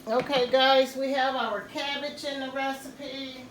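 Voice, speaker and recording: A woman hosting a casual home cooking tutorial, talking slowly and repeating "guys" to her viewers. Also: sits high, level tone, roomy sound, slight background noise. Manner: slow, repetitive, says "guys" often. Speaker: cooking channel host.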